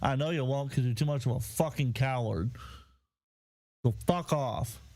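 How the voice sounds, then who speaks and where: A man hosting a live commentary show, ranting in a profane, heated yet deadpan way. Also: mid-range voice, moderate pace, no room sound. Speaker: host.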